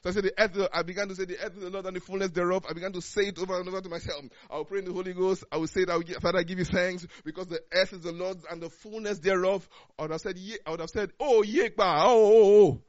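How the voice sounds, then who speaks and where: A high-pitched man delivers a sermon. He swings between loud, urgent declarations and low, quiet asides. The recording sounds muffled and lo-fi. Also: steady tone, rapid-fire, few pauses. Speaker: preacher.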